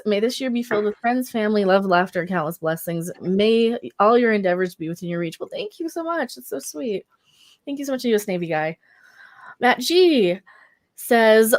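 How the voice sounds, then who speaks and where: High-voiced woman chatting on her stream. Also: dry recording, clean studio sound. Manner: rambling, giggly, easily sidetracked. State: tipsy and stoned. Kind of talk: casual livestream chat reading super chats.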